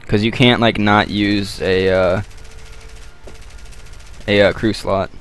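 A man giving casual, rambling gaming commentary while he plays, joking and getting excited at the action. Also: lowish voice, takes it slowly, slight background noise. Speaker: gameplay commentator.

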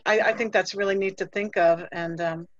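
A woman's voice: medium pitch, fairly even intonation, normal speed, muffled recording. A woman librarian presenting library resources on a museum livestream, then chatting in a friendly way with a colleague. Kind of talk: presenting a talk, then casual discussion.

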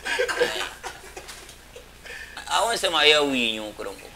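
Animated gravelly man. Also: fairly high pitch, a little slow, very noisy. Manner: animated, chants and yelps, mixes languages. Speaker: comedian guest. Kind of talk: live show banter.

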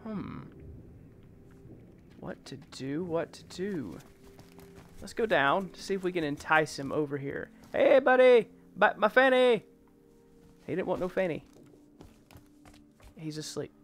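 A man hosting a first-time gameplay video, jumpy and excitable, yelping, laughing and taunting the enemies on screen. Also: on the high side, unhurried, long pauses. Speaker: gaming channel host.

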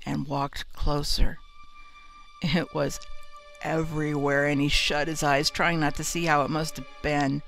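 Man reading horror fiction, gravelly, slightly high voice, slow and measured, faint music underneath. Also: a bit bright. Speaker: narrator. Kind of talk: horror story narration. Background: faint eerie music.

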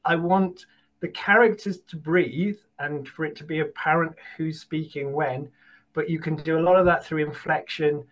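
Animated British man giving advice. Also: on the high side, moderate pace, low-quality recording. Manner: animated, repeats and restarts words, encouraging. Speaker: audiobook casting producer, guest. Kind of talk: conversational interview advice.

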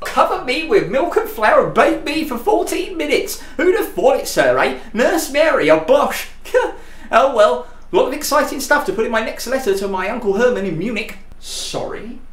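A man's voice: very high voice, very animated, moderate pace. A man playing a cheerful, dim young British lieutenant in a giddy, chirpy way. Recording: roomy echo.

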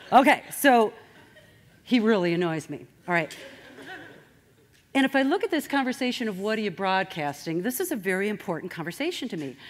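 Animated woman giving a motivational talk. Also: medium pitch, brisk, pauses often. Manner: animated, straight-talking. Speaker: speaker.

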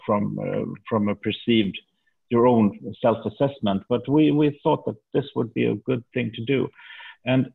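A man from Sweden, a native Swedish speaker, presents survey findings in a webinar, halting and repeating words often. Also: on the low side, creaky, breathy edge. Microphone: video call. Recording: tinny phone-like video call audio.

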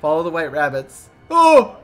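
A woman hosting a game video, narrating her play with excited, dramatic exclamations. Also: sits low, moderate pace, faint music behind. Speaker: game video host and player.

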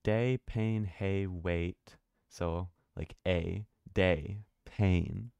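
A man's voice: sits low, extremely slow, creaky, darkish tone, clean tone, no room sound, muffled recording. A man thinking aloud and swearing casually while live-streaming a video game.

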